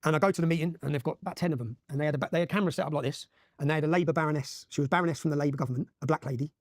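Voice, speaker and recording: A man in his forties with an English accent. As an interview guest he tells his story urgently and emphatically, often checking in with a quick "yeah?". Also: on the high side, no echo, clean studio sound. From England. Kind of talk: impassioned storytelling in a podcast interview.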